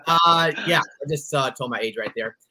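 A man's voice: on the high side, moderate pace, bright, forceful tone. A man co-hosting a podcast in casual chat, enthusiastic and easily sidetracked as he welcomes a guest. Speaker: podcast co-host.

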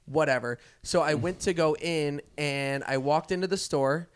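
A man with a smooth, clear voice pitched a little above the usual, talking in a loose, rambling way. He laughs between phrases and swears freely as he tells his story. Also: moderate pace. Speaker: podcast host. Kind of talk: casual storytelling chat.

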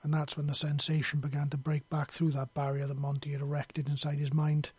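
Husky man reading a dark story. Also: fairly high pitch, monotone, fairly quick, dry recording. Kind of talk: scripted narration of a fantasy story.

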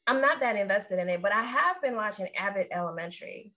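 A woman's voice: mid-range voice, lively intonation, fast, pushed and bright. A woman co-hosting a podcast in casual chat, meandering and chatty, with asides to the listeners. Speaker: podcast co-host.

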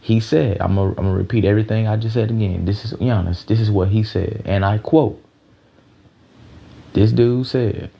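A man's voice: lowish voice, fairly even intonation, normal speed, gravelly, husky, dull audio. A tired man hosting a rambling, loose, profane sports talk show, with many restarts. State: a little tired. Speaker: sports podcast host.

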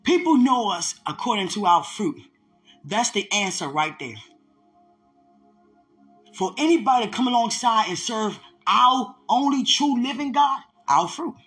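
Fervent preacher, bright voice, faint music. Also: lively intonation, unhurried. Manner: fervent, call-and-response preaching; swings from high and loud to low and hushed. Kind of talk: sermon.

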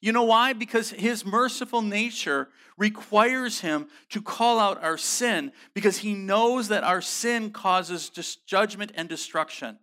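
Bright-voiced man preaching a sermon. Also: high voice, measured pace, hardly any pauses. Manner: earnest, emphatic preaching with casual slang; frequent restarts and repeated words. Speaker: pastor.

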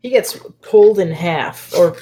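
A woman's voice: fairly low pitch, a little slow, warm tone, a little hiss or hum. Hesitant woman in casual chat.

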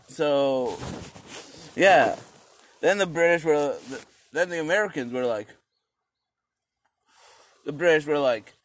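A man telling history as a rambling, profane comic monologue, acting out quoted voices with sudden high shouts. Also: unhurried, long pauses.

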